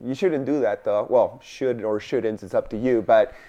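A man's voice: on the low side, normal speed, warm tone, lo-fi sound. A man hosting a casual chat, supportive and encouraging toward his guest.

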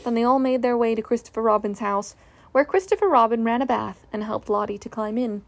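A woman reading a children's storybook aloud in a gentle, even way. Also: on the high side, fairly quick, creaky, dry recording.

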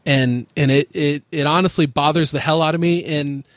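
Man, podcast host, frank and sweary, slightly high voice, dry sound. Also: fairly even intonation, normal speed, dry recording. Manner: frank, swears freely, storytelling. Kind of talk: casual chat.

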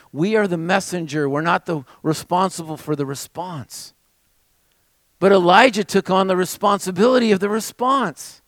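A man preaching a sermon as pastor, with dramatic swings between raised passages and hushed, almost whispered lines. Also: high voice, no room sound.

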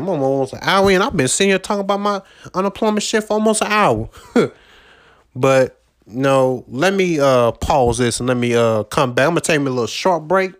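A man of ordinary pitch tells a long, meandering story in loose slang, swearing freely and stacking up fillers as he goes. He records without a proper microphone. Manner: profane, loose slangy talk with many fillers. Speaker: vlogger recounting his job search. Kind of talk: casual rambling storytelling.

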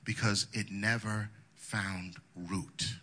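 A man's voice: fairly low pitch, steady tone, takes it slowly, bright, forceful tone. A male pastor preaching a sermon in a folksy, colloquial way, wandering into asides.

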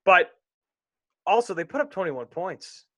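Young guy on a sports podcast, bright voice, dry close sound, kinda rambly. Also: high voice, measured pace, no echo. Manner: rambling, animated, self-interrupting. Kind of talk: casual sports chat.

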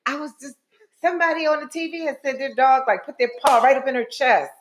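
An older woman co-hosting a podcast, chatting casually in a blunt, sassy way and telling lively stories. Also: sits high, fast talker, a little hiss or hum. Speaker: podcast co-host. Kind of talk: casual chat.

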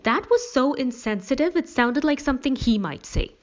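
A woman's voice: high-pitched, lively intonation, moderate pace, dull audio, pitched above the performer's own voice. A woman reading the part of an indignant teenage sister who screams and exclaims. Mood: outraged.

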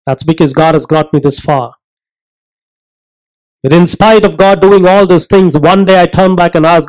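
A man preaching a sermon, earnest and emphatic, asking rhetorical questions and slowing down to stress his points. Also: on the high side, fairly even intonation, a little mellow, poor audio.

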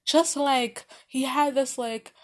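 A woman's voice: sits high, takes it slowly. Chatty young woman telling a story. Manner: chatty, many fillers and restarts; animated, laughs often. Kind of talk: casual storytelling.

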